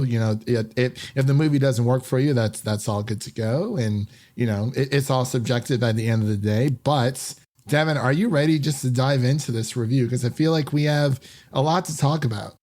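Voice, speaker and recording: An upbeat, chatty man hosts a relaxed podcast conversation. His voice sits at an ordinary middle pitch. He talks in an easygoing, friendly way. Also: normal speed. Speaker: podcast host. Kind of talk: casual podcast chat.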